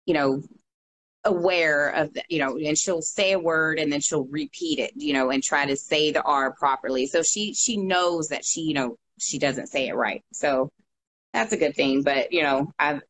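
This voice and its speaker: A woman in her thirties with a notably low voice, chatting freely and exclaiming often. Faint noise hums under the recording. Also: a bit bright, rough recording. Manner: chatty, exclaims, many fillers like "you know". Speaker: guest. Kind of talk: casual chat.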